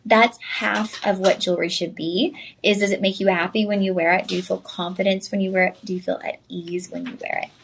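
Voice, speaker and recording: A woman presents jewelry live on a shopping channel. She is chatty and effusive, speaks right to the viewers, and sounds a little tired. Her voice sits at an ordinary middle pitch.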